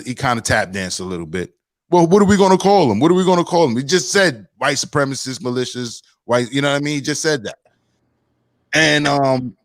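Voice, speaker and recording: A man's voice: medium pitch, no room sound. A man hosting a casual podcast rant, reading out chat comments and firing off rhetorical questions. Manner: animated, fires off rhetorical questions. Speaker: podcast host.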